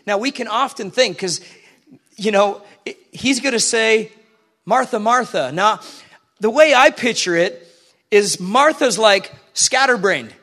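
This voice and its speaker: A man with a high voice delivers a sermon in a church. He talks in a casual, animated way and keeps putting questions to the people listening. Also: a little slow. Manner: conversational, animated, asks the congregation questions. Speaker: preacher.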